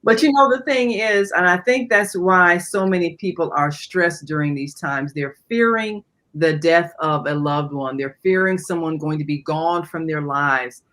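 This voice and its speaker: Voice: mid-range voice, fairly bright tone. A talk show host who listens attentively and says little, then speaks at length. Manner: slow, attentive listener, many short replies. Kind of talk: casual radio talk.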